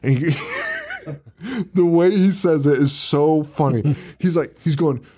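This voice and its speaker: A man's voice: fairly high pitch, slow pace, mellow, husky. A man co-hosting a podcast, casually recapping a movie in a rambling way, swearing freely, laughing often and mimicking characters. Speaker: podcast co-host.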